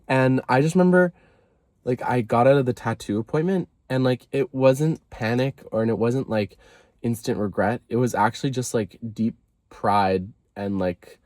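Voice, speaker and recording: Studio-quality audio with no room sound captures a man's mid-range, darkish voice at normal speed. He's a vlogger in a confessional video, chatting casually to camera. He rambles, puts himself down, apologizes a lot and leans on "like".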